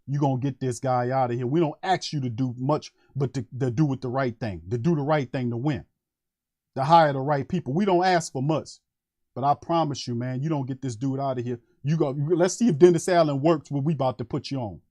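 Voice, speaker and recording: A man's voice: mid-range voice, brisk, dark tone, no echo. A man who hosts a sports podcast, delivering a heated, profane fan rant on a live stream and hammering his points over and over.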